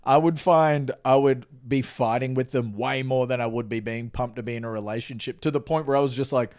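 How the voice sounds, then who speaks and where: A man's voice: mid-range voice, brisk, clear, resonant tone. A man, co-hosting a casual comedy podcast, telling stories and acting out quotes. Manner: animated storyteller, acts out quotes.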